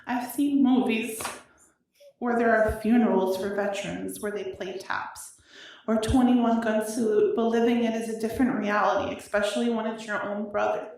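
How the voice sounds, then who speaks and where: A woman reading her own victim impact statement aloud in a courtroom, emotional and halting, her voice wavering with grief. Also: on the high side, fairly even intonation, a little mellow. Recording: echoey courtroom audio from far off.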